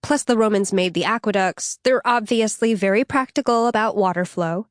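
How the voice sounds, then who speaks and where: Woman narrator doing an earnest, flustered young woman in mourning, pitched well above her own voice, apologetic and breathless, audiobook dialogue in a dry studio. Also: normal speed, no room sound, natural voice. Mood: tearful, flustered.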